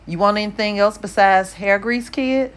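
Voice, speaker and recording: A woman's voice: mid-range voice, moderate pace, voice pushed up, natural voice. A woman voicing a cheerful, joking teenage boy who talks in a breezy, upbeat way.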